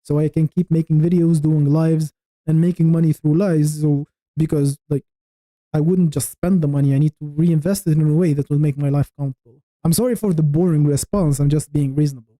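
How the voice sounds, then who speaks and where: Dark-toned man in his thirties chatting. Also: a little high, steady tone, fairly quick, no room sound, poor audio. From Tunisia. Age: 30s. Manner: frank, rambling, thinking aloud with many restarts. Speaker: YouTube livestreamer. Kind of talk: casual livestream chat answering viewers.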